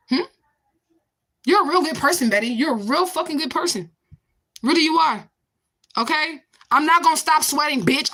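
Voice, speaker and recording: Fired-up high-voiced woman ranting. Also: pushed and bright. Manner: heated, sarcastic, profane, rapid-fire questioning. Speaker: livestream host. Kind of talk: angry livestream rant.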